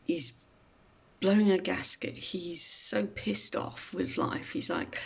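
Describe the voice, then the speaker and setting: A woman gives a mindfulness talk in the form of a story. She speaks slowly and gently, with a gravelly, fry-tinged voice. Her delivery is calm and reflective. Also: on the low side.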